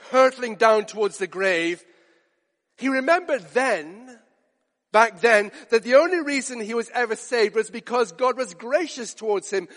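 A man with a high voice delivers a sermon, earnest and steadily building to pointed rhetorical questions. His words ring out with a long reverb trailing behind them, as in a large hall. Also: fairly bright tone. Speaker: preacher.

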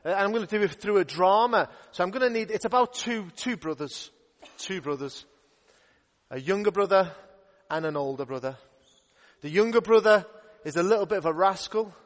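Playful youth minister in a hall. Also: male voice, high-pitched, lively intonation, normal speed. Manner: playful, upbeat storytelling to children. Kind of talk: children's Bible story talk. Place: church hall. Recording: echoey hall with long reverb.

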